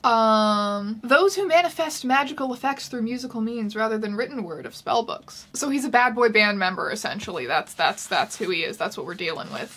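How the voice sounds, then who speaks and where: Woman host, comedic book reading, wry deadpan asides, higher voice. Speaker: YouTube host.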